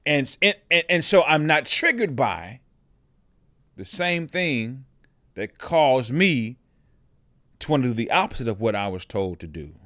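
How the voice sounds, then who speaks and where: A man's voice: medium pitch, a bit bright, no echo. A man with a heavy voice, hosting a reflective personal monologue and talking through his thoughts conversationally, often checking in with "right?" and restarting his words. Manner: frequent restarts and repeated words. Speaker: podcast host.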